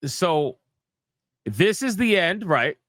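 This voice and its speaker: A man's voice: sits high, big pitch swings, takes it slowly, fairly bright tone, no room sound. A man giving casual, profane gaming commentary, ranting in exasperation and repeating himself.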